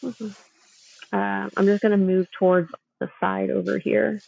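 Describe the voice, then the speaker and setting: Gravelly, hesitant woman on a lo-fi mic. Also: mid-range voice, flat delivery, measured pace, a little mellow, no echo. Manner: hesitant, many "um"s. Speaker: player. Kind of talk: casual tabletop play.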